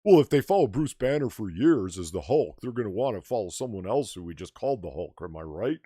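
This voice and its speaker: A man's voice: lowish voice, sing-song, fairly quick, warm tone, slightly rough, no echo, clean studio sound. A man hosting a casual livestream chat, ranting sarcastically and swearing freely. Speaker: podcast host.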